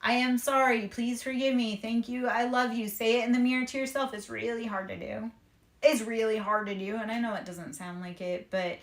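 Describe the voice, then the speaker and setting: A woman's voice: fairly high pitch, steady tone, moderate pace. Woman tarot reader in an echoey room. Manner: affirming, repetitive spiritual encouragement. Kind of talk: live-streamed tarot reading. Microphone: streaming microphone.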